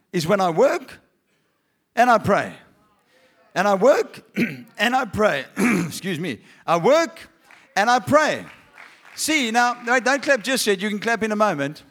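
A man preaching a sermon, energetic and rhythmic, repeating phrases and acting out his examples. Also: high-pitched.

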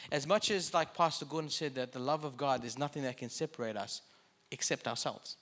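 A man's voice: medium pitch, a little fast, fairly bright tone. A man preaching a sermon in a conversational way, with joking asides.

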